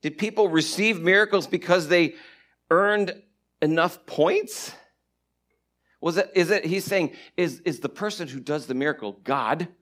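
Man, pastor, sermon, fairly high voice, animated, loud and hushed by turns. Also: measured pace. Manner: animated storyteller, swings between loud and hushed asides. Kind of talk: sermon, Bible teaching.

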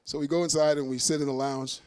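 A middle-aged man giving a sermon testimony as a preacher and singer, telling a story in a lively way, acting out dialogue with self-mocking humor. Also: a little high, quick pace, clean tone.

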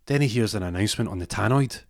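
Deep-voiced man telling a story. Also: fast talker, no room sound, studio quality. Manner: rambling, with restarts and asides. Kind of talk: casual comic storytelling.

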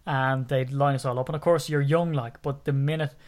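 A man co-hosting a casual podcast chat, telling stories with jokes and laughs in an animated way. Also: medium pitch, fairly quick. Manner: joking, animated storytelling with laughs. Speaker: podcast co-host.

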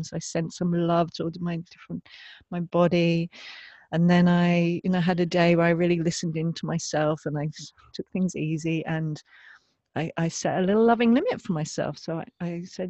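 A woman co-hosting a parenting podcast, speaking gently and tenderly and laughing often. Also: sits low, steady tone, moderate pace, no echo, dull audio. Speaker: podcast co-host. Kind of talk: reflective parenting podcast chat.

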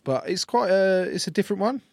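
A man's voice: high voice, lively intonation, a little fast, creaky, dry recording. Joking, blunt man with a dry sound. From Sussex, England. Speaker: rugby player guest. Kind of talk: casual interview banter.

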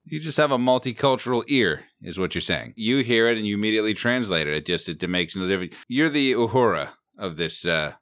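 Lower-voiced guy hosting a podcast, cracking jokes, swears a lot. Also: expressive, fast, hardly any pauses, fairly bright tone. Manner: profane, joking. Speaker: podcast host. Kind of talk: casual podcast banter. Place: remote home setup.

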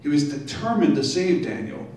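A man's voice: on the high side, very animated, a little mellow, a little hiss or hum. A male pastor reading scripture aloud and stopping to explain it in a sermon. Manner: reads scripture, then pauses to explain it. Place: brewery taproom. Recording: very echoey room, distant mic.

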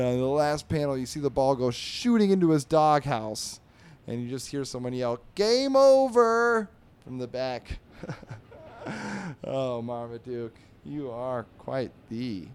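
With a measured pace and clean tone, a male comedy podcast host reads comic strips aloud in an animated way. He laughs often and breaks into squeaky voices for the characters.

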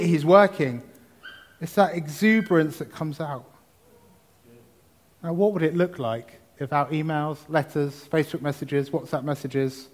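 A man's voice: fairly high pitch, a little mellow. A man preaching a sermon, reading scripture and talking about it with exuberant emphasis. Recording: long hall reverb.

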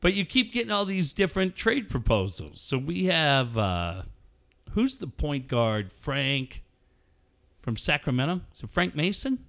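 A middle-aged man telling a story in casual chat, animated and profane, often laughing. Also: fairly high pitch, measured pace, creaky.

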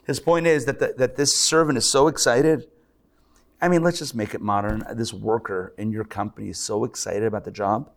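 Man, rabbi, live class lecture, gravelly, animated. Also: medium pitch, moderate pace. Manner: animated, acts out excited and grumbling voices. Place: lecture room with a live audience.

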